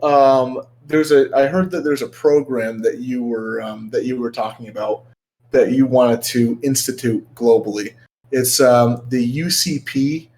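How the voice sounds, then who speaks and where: A man's voice: mid-range voice, a little mellow. A man hosting a live stream in casual chat, teasing his guest with pushy questions and crude jokes. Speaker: streamer host.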